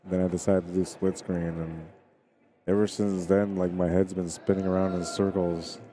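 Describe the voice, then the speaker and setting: A man's voice: low-pitched, level tone, moderate pace, mellow, a little hiss or hum. A man giving casual, chatty commentary on a pool stream, talking to viewers and laughing. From Spanish heritage.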